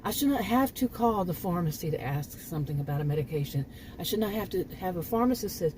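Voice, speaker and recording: A woman's voice: fairly low pitch, expressive, fairly quick, dark tone, a little hiss or hum, poor audio. An older woman vlogging in a casual, rambling monologue, often restarting her sentences and sounding frankly exasperated.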